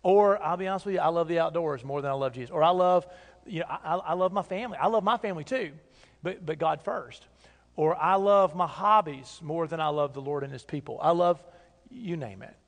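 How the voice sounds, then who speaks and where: A pastor delivers a sermon in an earnest, conversational way, leaning on emphatic repeats. His voice sits high for a man. The church sanctuary gives it a long reverb tail. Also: brisk.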